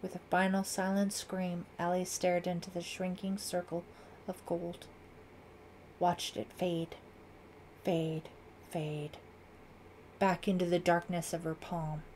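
A woman narrating a thriller audiobook in a measured, dramatic reading. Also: lowish voice, level tone, a little mellow, slight background noise.

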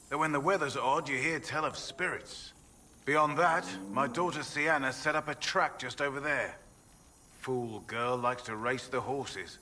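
A man playing a blunt, bright-voiced horse master. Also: mid-range voice, slight background noise, lightly acted. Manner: gruff, plain-spoken. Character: blunt middle-aged male horse master.

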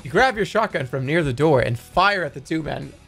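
A man's voice: on the high side, lively intonation, a little fast, creaky, fairly bright tone, soft background music. A man streaming a text game, reading its lines aloud with wry, joking asides and free swearing.

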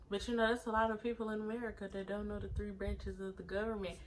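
A woman talks through a TV episode in a relaxed, gossipy way, with sassy asides and street slang. Her voice sits in a middle pitch, and she fills her sentences with "like" and "um". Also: slight background noise, poor audio. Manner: chatty, sassy, slangy, with plenty of filler. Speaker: TV episode reviewer. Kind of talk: casual chat.

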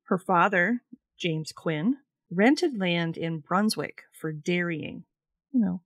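A woman co-hosting a casual podcast, reading from her notes in a relaxed way. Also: on the low side, slow pace, dry recording. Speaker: podcast co-host, researcher.

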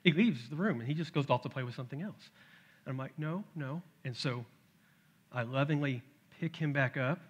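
A middle-aged man preaching a sermon, telling a family story with lively acted-out voices. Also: mid-range voice, fairly quick, breathy edge. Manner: animated storytelling, acts out his toddler's shouts. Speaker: pastor. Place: church sanctuary.

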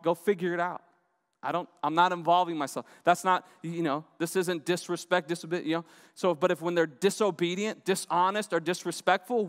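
A male pastor delivers a relaxed, conversational sermon in a fairly high voice. He keeps checking in with his listeners by asking "right?". The sound carries a long reverb tail, as in a large church sanctuary. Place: church auditorium.

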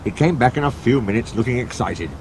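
A man narrating a children's story with an expressive reading manner. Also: medium pitch, fast, noisy background. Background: music.

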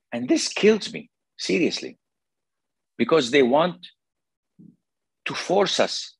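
A man's voice: medium pitch, breathy edge, no room sound, rough recording. An older man from Arabia, giving a blunt, sarcastic religious lecture as a sheikh. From Saudi Arabia. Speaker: Islamic scholar, sheikh.

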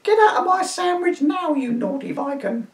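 A man voicing a shrill, indignant old village woman in a high, quavering crone voice. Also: animated, moderate pace, far from the mic. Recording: roomy echo, voice from off-mic.

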